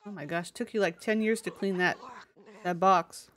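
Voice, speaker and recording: A woman's voice: on the low side, steady tone, moderate pace, a bit bright. A woman streamer talking casually and playfully to her viewers as she plays, thinking aloud in a chatty, joking way. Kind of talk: casual live-stream chat while playing a game.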